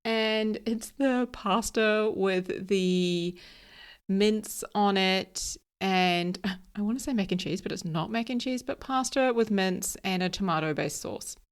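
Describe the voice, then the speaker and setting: A woman's voice: mid-range voice, takes it slowly, clean tone. Chatty woman in her 30s doing a solo podcast, candid, laughs at herself. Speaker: podcast host. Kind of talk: casual solo podcast talk.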